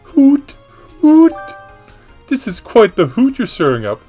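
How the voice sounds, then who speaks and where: A man's voice: extremely high pitch, huge pitch swings, takes it slowly, dark tone, faint music behind, pitched above the performer's own voice, full character voice. A man voicing a pompous male owl prosecutor who hoots as he talks. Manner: pompous, hooting.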